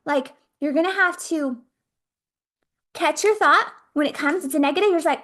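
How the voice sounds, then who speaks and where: A woman with a high voice hosts a motivational talk. She speaks straight to the listener in an upbeat, encouraging way and acts out the thoughts in her head as she goes. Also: moderate pace, fairly bright tone. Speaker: podcast host.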